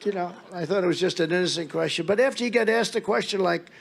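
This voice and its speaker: A man with a high voice and a gravelly edge speaks at a political rally. He tells rambling, mocking stories and slips into little acted-out exchanges between people. His delivery is loose and conversational. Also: quick pace. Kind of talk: rally speech.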